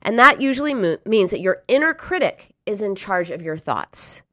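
Lively, encouraging woman coach. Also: medium pitch, normal speed, no room sound, studio quality. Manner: earnest, encouraging, acts out the harsh inner voice. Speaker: speaker on emotional eating. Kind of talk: coaching talk to listeners.

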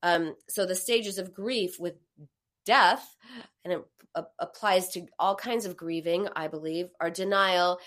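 A woman answering viewer questions in a live talk, explaining thoughtfully and restarting phrases as she searches for words. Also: measured pace. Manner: animated, acts out inner voices with big pitch jumps.

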